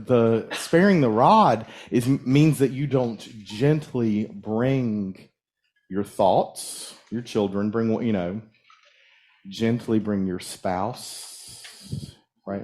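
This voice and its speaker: A man minister preaching in a relaxed, conversational way, often stopping to ask the congregation questions. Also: mid-range voice. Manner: conversational, halting with restarts, asks the audience questions. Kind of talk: casual sermon. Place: church sanctuary.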